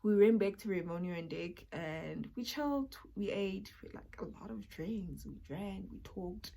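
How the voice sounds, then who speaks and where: A young woman with a South African accent telling a personal story in a casual, animated way, sometimes dropping to a whisper. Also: mid-range voice, unhurried, gravelly. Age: young adult. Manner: animated, drops to a whisper for asides. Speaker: vlogger.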